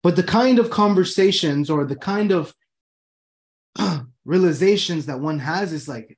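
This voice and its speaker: A man's voice: a little high, moderate pace, a little mellow. A man hosting his own talk show from his room, talking casually and animatedly, swearing freely and acting out people's inner thoughts. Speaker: host.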